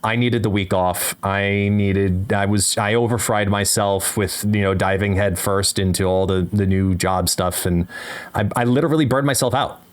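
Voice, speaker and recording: A man co-hosting a podcast in casual chat, earnest and halting with frequent restarts. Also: lowish voice, steady tone. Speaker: podcast co-host.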